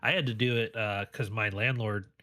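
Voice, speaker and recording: A man's voice: lowish voice, fairly even intonation, moderate pace, bright, forceful tone. A man, co-hosting a casual podcast and telling chatty, playful stories. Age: 30s. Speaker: podcast co-host.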